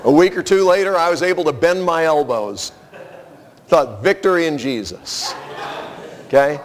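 A man's voice: fairly high pitch, normal speed. A man preaching a sermon as pastor, earnest and conversational, telling personal stories to his congregation. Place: church sanctuary. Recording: long reverb of a large hall.

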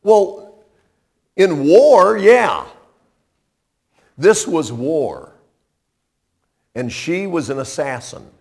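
Male preacher, storytelling sermon, lively and unhurried, slightly higher voice. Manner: animated, conversational, dramatic shifts in loudness.

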